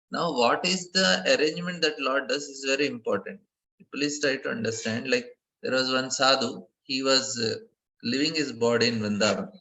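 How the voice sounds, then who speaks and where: A man giving a devotional class lecture, earnest, often repeating phrases and laughing softly between points. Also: medium pitch, low-quality recording. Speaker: speaker giving a scripture class.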